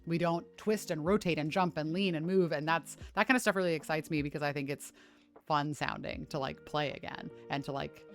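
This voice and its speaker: A woman's voice: low-pitched, steady tone, fairly quick, soft background music. Foul-mouthed ranting woman streamer. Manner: profane, ranting, chatty. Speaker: fitness streamer. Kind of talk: casual livestream chat.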